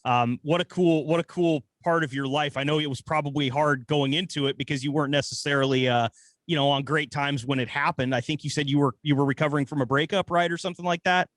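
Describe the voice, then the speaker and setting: A man hosting a podcast, asking a guest a question in a halting way with many fillers. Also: on the high side, fairly even intonation, fairly bright tone, dry recording. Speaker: podcast host. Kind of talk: interview questions.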